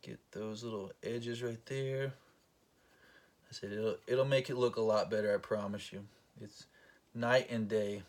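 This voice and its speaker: In a lowish, fairly even, unhurried voice, a collector demonstrates belt cleaning. He talks to the camera as he works, keeping the how-to tutorial casual, joking and self-deprecating.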